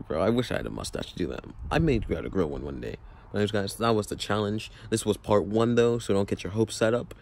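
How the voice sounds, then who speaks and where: A young man talks through an accent challenge in a loose, rambling, jokey way. His voice sits fairly low. A faint hiss of background noise runs under the recording. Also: animated, brisk, creaky. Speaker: YouTuber. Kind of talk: casual accent challenge vlog.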